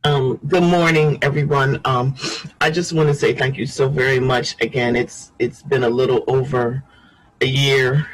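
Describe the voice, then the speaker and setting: A grieving family member, a man, giving public thanks in a soft, hesitant way with many pauses. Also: medium pitch, fairly even intonation, rough recording. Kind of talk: public remarks.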